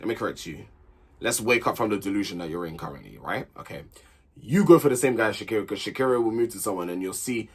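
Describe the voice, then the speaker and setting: A young man giving an opinionated, animated, casual commentary on a reality show, often repeating himself for emphasis. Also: on the low side, fast talker, breathy edge. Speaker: reality show recap host.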